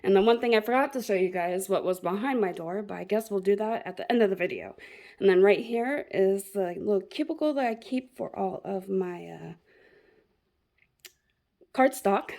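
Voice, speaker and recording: A woman's voice: medium pitch, normal speed, gravelly, darkish tone. A young woman giving a rambling, self-deprecating tour of her craft room at home, chatting casually and laughing at herself. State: a bit out of breath. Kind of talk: casual chat.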